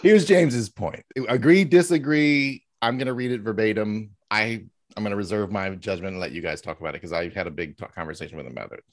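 A man's voice: on the low side, fast, hardly any pauses. A man hosting a casual sports chat, joking around and laughing often. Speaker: podcast host.

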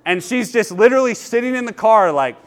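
Thirties male pastor, high voice, earnest and animated in a sermon. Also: fairly quick. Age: 30s. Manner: earnest, storytelling, lively with laughter. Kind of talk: sermon with personal stories.

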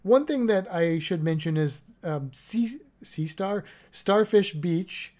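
A woman's voice: lowish voice, lively intonation, takes it slowly, a little mellow. A woman chatting casually about travel plans, rambling and correcting herself as she goes. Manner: rambling, self-correcting, chuckling.

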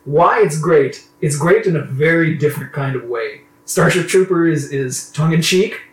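A man's voice: on the high side, moderate pace, distant mic. A man co-hosting a casual podcast, talking animatedly and laughing often. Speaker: podcast host. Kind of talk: casual chat. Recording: roomy echo, off-mic.

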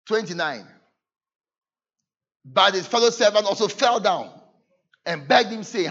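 Man, pastor, sermon, earnest, loud then soft, fairly high voice, dull lo-fi sound. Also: lively intonation, unhurried, long pauses. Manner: earnest, shifts between loud emphasis and soft asides. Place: church service.

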